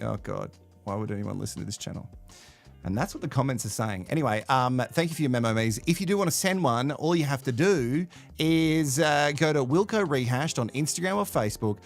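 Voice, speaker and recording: A man hosts a live reality-TV recap, talking loosely and mocking himself. His voice sits at a middle pitch and is filled with ums and uhs. Faint music plays in the background. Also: brisk. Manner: rambling, self-deprecating, filler-heavy. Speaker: host. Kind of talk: live stream commentary.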